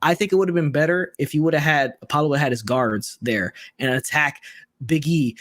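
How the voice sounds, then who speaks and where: A man's voice: fairly high pitch, fairly bright tone. A man hosting a casual podcast chat, rambling and often asking "right?". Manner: rapid, rambling, asks "right?" a lot. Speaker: podcast host.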